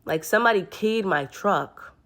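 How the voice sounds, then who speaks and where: A woman's voice: mid-range voice, expressive, normal speed, a bit bright. A woman telling a personal story to camera in an earnest, rambling way, often restarting her sentences. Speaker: vlogger.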